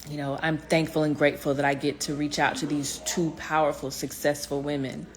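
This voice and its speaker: A woman's voice: sits low, little pitch movement, fairly quick. A woman giving a heartfelt motivational vlog talk, speaking straight to her viewers with many fillers and restarts. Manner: speaks directly to viewers, encouraging.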